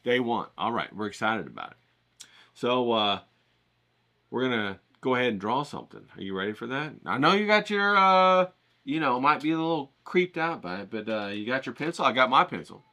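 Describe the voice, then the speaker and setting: Bright, lively man hyping an art challenge. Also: mid-range voice, moderate pace. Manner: hyped, rambling, coaching, swears casually. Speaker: art channel host. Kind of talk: casual drawing tutorial to camera.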